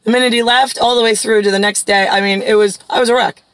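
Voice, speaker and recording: A woman's voice: a little high, fairly even intonation, fast, fairly bright tone, no echo, rough recording. A woman in her forties from Long Island, talking in a rambling, profane monologue full of "like" fillers. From Long Island, New York.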